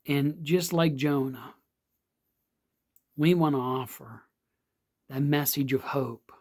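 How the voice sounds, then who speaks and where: A man, a pastor, giving a devotional sermon in a slow, earnest way with emphatic repeats. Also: mid-range voice, darkish tone. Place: outdoor or home setting, not in church.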